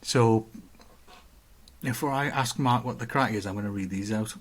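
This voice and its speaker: A man's voice: mid-range voice, normal speed. Chatty man. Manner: chatty, joking, reads out comments. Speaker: podcast co-host. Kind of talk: casual chat.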